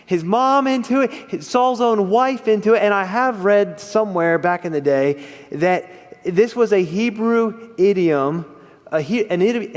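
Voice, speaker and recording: A man preaches in a high register, leaning hard into key words and then falling quiet. The sermon rings out with long reverb, as in a church hall. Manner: expressive, rises and drops in volume for emphasis.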